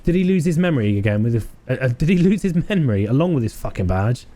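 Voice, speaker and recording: A man's voice: mid-range voice, very animated, fast, warm tone, voice pushed up, lightly acted. A man voicing a dry, impatient male police partner who speaks curtly, reading a video game aloud. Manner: dry, curt.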